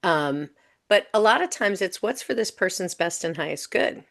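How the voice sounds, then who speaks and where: A woman guest in a podcast interview, telling stories in a casual, animated way with many "um"s and "you know"s. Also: on the low side, moderate pace, gravelly. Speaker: guest coach.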